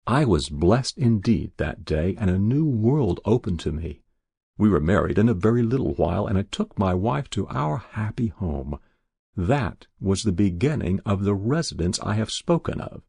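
A man reading a classic novel in measured, unhurried narration. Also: on the low side, very animated, gravelly, mellow, husky, dry recording. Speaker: audiobook narrator. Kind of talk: scripted literary narration.

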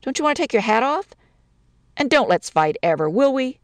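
A woman's voice: high-pitched, very animated, brisk, no room sound. A woman reading a story, voicing an easygoing young newlywed husband who fumbles over folksy slang while trying to soothe his wife. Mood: placating.

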